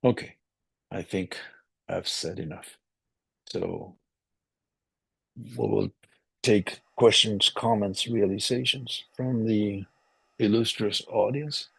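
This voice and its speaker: A man giving a scripture class over a video call, reading and explaining in a slow, measured way. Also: fairly low pitch, animated, vocal fry, a bit bright, husky, no echo.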